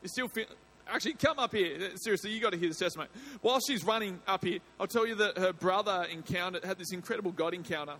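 Man, pastor, high voice, bright forceful tone, joking, energetic, church service. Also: fast talker. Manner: energetic and joking, with loose filler-laden phrasing. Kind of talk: sermon, addressing a congregation.

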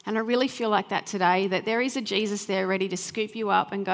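A woman's voice: medium pitch, steady tone, fast talker, vocal fry. A woman in her thirties giving an earnest, heartfelt sermon as a pastor, sometimes acting out remembered conversations. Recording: reverberant hall with soft music.

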